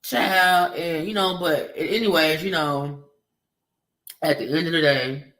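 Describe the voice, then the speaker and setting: A man's voice: a little high, steady tone, unhurried, bright, forceful tone, recorded from a distance. A man ranting in an opinion vlog, heated and emphatic, swearing often and hammering the same points again and again. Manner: heated, emphatic, profane, repetitive. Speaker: video commentator. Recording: echoey room, off-mic.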